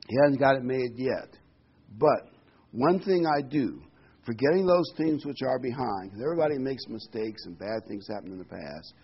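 A man preaching a sermon, animated and repeating key words for emphasis, heard on a dull lo-fi recording. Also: medium pitch, slightly rough.

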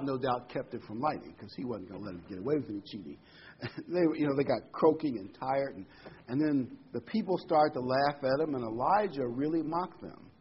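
A man's voice: medium pitch, highs cut off, slight background noise. A man preaching a sermon, retelling a scripture story with many asides and fillers.

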